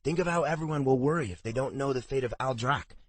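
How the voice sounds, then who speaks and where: A man's voice: medium pitch, fast, pitched above the performer's own voice, lightly acted. A man doing an anxious young dragon rider.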